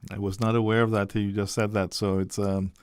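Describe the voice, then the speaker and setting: A Caymanian man talks as a radio studio guest in an easygoing, slightly hesitant way. His low voice barely rises or falls. The studio sound is close and dry. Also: level tone, fast talker, smooth, no room sound. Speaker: member of parliament, studio guest. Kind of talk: casual radio talk. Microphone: studio microphone.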